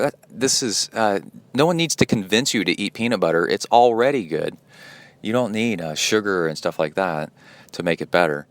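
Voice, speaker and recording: A man's voice: on the low side, expressive, moderate pace, no room sound. A man who coaches triathlon and hosts a podcast, talking in a rambling, chatty way. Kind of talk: casual spoken monologue.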